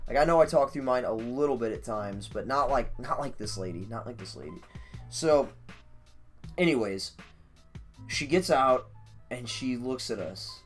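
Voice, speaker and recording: Profane, rambling male storyteller. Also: mid-range voice. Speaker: streamer. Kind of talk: casual storytelling.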